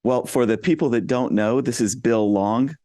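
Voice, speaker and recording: A man's voice: medium pitch, moderate pace, dark tone. A man hosting a podcast over a remote call, joking and teasing his guest. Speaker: podcast host. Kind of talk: casual chat.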